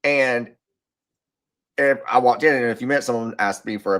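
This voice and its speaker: Bright-voiced man telling a rambling story. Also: mid-range voice, normal speed. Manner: rambling, animated storytelling with many fillers and restarts. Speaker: podcast guest. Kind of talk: casual chat.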